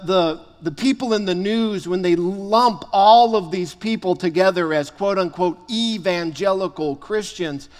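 A man with a notably high voice delivers a sermon from the pulpit. He stresses key phrases by saying them twice. His words ring out with a long reverb from a large hall. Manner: emphatic, repeats phrases for stress. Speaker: pastor.

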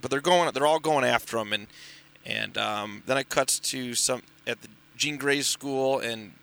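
Male co-host, casual and chatty, bright forward voice, lots of ums and restarts. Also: mid-range voice, measured pace, vocal fry. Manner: rambling, filler-heavy recap with frequent restarts. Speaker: podcast co-host reviewing comics. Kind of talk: casual chat.

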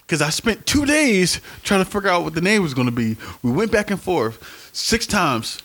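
A man co-hosting a podcast, chatting casually, teasing his partner and laughing often, now and then jumping into a falsetto. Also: sing-song, moderate pace, a bit bright. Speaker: podcast co-host. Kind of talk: casual banter.

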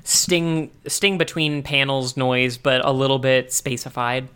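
Man, podcast co-host, smooth clear voice, wry asides, mid pitch. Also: fairly even intonation, unhurried, pushed and bright. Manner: thinks aloud. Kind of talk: casual podcast chat.

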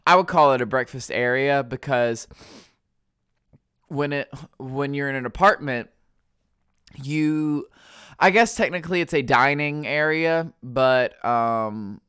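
A man with a stuffy nose talks solo on his podcast in loose, rambling chat, leaning on fillers. His voice is smooth and clean. The sound is close and dry. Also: mid-range voice, slow, pauses often, fairly bright tone, no echo. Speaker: podcast host.

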